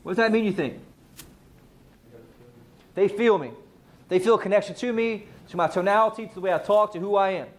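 High-voiced energetic male sales trainer. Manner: energetic, quizzes the audience, rapid questions. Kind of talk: live sales training talk. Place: training room with a live audience.

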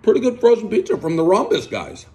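A man's voice: high voice, huge pitch swings, quick pace, mellow. A man hosting a pizza review outdoors, ranting combatively, swearing constantly and boasting about himself.

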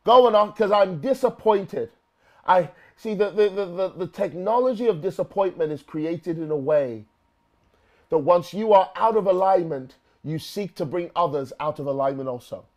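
Give me a man with a London accent preaching, high-pitched and dramatic. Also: animated, moderate pace. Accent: London English. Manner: dramatic, acts out quoted voices with swings in pitch and volume; stumbles and repeats words. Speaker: pastor. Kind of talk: sermon.

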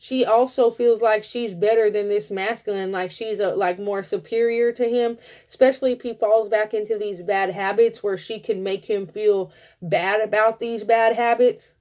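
A woman giving a casual tarot reading, blunt and profane, telling it like an animated story. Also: mid-range voice, moderate pace, highs cut off. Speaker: tarot reader.

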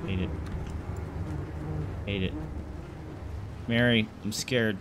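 A man's voice: on the low side, fairly even intonation, slow, noisy background. A man giving casual horror game commentary, joking, easily spooked and chatting to objects in the game. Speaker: let's play gamer.

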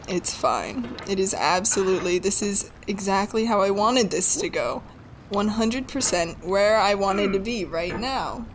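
A young woman in her twenties talks slowly while she streams a hard game live. She begs the game, curses quietly and laughs at her own failures. Faint noise sits under her voice. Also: mid-range voice, lively intonation. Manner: frustrated, pleading and swearing under her breath; self-mocking with bursts of laughter. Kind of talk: live gaming commentary.

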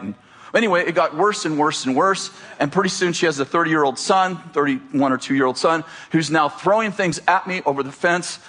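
A man's voice: fairly high pitch, expressive, brisk, fairly bright tone. A middle-aged male pastor preaching to a congregation in a conversational, joking manner. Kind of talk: sermon. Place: church before a congregation.

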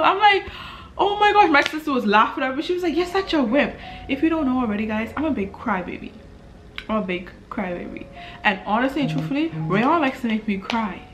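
Bright-voiced chatty young woman from the Bahamas. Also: medium pitch. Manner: chatty, repeats words, storytelling. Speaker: vlogger. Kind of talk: casual chat to camera.

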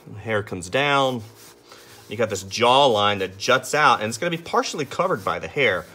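Talking casually as he draws, an artist teaches a sketching lesson with a self-amused, chatty manner. His lowish voice is expressive, pushed and bright, slightly rough, at a moderate pace.

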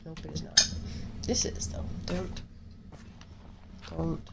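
A woman's voice: low voice, level tone, takes it slowly, gravelly, noisy background. A woman with a stuffy nose hosting a gaming video, chatting casually and rambling through her play. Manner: chatty, rambling, sing-song repetitions. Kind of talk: casual gameplay commentary. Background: faint clinking of dishes.

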